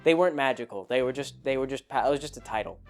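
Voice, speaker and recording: A man's voice: mid-range voice, quick pace, faint music behind. Chatty man telling a rambling story. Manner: chatty, rambling, full of asides. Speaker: podcast host. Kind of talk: casual storytelling.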